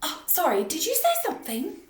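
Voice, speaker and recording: A woman voicing a male butcher who pretends not to hear, in a children's storybook reading, with a high, mock-innocent tone. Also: wildly swooping pitch, a little fast, heavily acted. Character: man butcher who ignores rudeness. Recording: roomy echo.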